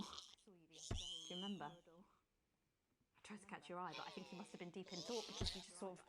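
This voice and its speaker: An actress voicing a posh female TV newsreader who is obsessive and unhinged, speaking in a creepy confessional way that drifts between hushed tones and pleading outbursts, heard as video game audio. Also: mid-range voice, close to an everyday voice.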